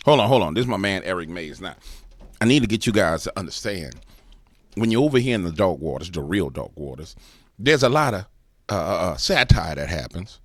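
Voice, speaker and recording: Deep-ish guy riffing on clips, super animated, dry room. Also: a little fast, no room sound. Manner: joking, slangy, animated. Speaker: reaction channel host. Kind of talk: comedic reaction commentary.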